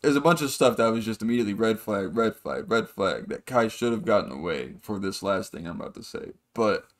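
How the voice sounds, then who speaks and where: On this podcast, the male host spins a lengthy, meandering story full of profanity, voicing the quotes of other people in different voices. He speaks fairly quickly, with a lowish voice and lively intonation.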